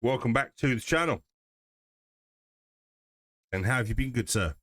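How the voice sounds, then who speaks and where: A man's voice: medium pitch, animated, normal speed, a bit bright, no echo. A man with a Southern English accent, chatting casually on a livestream while building a model kit, rambling and restarting his sentences. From southern England. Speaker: livestream host.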